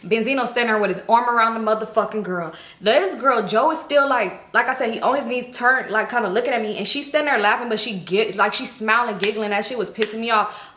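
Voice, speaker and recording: High, bright-voiced woman cursing freely. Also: fast, hardly any pauses. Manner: heavy cursing, animated retelling. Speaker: storytime vlogger. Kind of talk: casual storytime. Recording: roomy echo.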